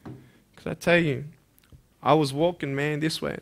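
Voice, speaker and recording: A man giving a motivational speech to a school audience, impassioned, firing rhetorical questions and swinging between loud urging and hushed intensity. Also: a little high, fairly even intonation, a little slow. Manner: direct rhetorical questions to listeners. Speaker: motivational speaker.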